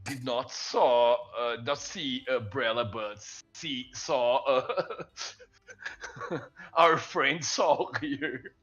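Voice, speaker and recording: A man's voice: medium pitch, extremely slow, a bit bright, muffled recording. A man narrating as dungeon master in a casual tabletop game, laughing often and stumbling over his words. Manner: laughs often, fillers and restarts.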